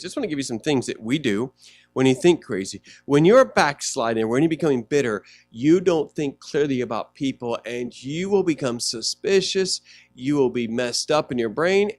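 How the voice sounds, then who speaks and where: A man's voice: a little high, no echo. A male pastor preaching a sermon in a conversational way, often asking the congregation questions.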